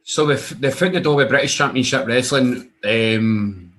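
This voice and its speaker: A man's voice: mid-range voice, normal speed, fairly bright tone. A young Scottish man, a wrestler, casually telling rambling anecdotes in an interview, with many restarts and laughs. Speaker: wrestler guest.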